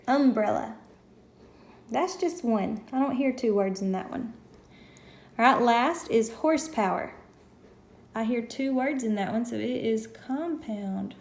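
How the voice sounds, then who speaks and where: A patient woman teacher walks through a lesson step by step, in a slightly high voice. The sound is roomy and echoey, as if recorded in a bare classroom. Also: darkish tone. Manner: patient, explains slowly step by step.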